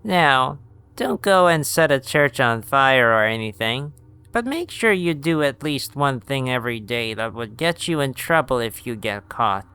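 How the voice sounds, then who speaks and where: A man's voice: mid-range voice, animated, a little slow, sharp tone, clear, resonant tone, voice pushed up. A man voicing a sly elderly grandmother who gives blunt, mischievous advice in a horror story reading.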